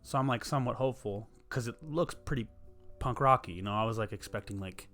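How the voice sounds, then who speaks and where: A man's voice: medium pitch, fast, a bit bright, soft background music. A young man, telling a rambling, profane story in a casual podcast chat. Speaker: podcast host.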